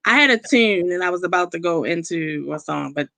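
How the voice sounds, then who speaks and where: A woman's voice: lowish voice, lively intonation, a little fast, gravelly, a bit bright, no echo. Woman podcast co-host, playful and giggly, close dry recording. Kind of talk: casual podcast chat.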